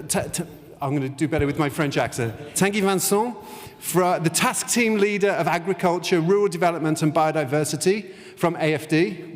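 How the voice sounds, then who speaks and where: Guy running a conference panel, easygoing and light, voice on the higher side, lots of hall echo. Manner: informal, light-hearted. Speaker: session moderator. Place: windowless conference room. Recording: long hall reverb.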